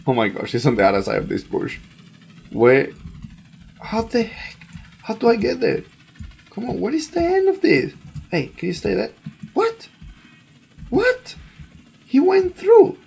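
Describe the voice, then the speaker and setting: Excitable, gravelly gamer voice. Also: mid-range voice, measured pace, pauses often. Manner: excitable, panicky, laughs often. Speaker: gaming channel host. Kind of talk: gameplay commentary.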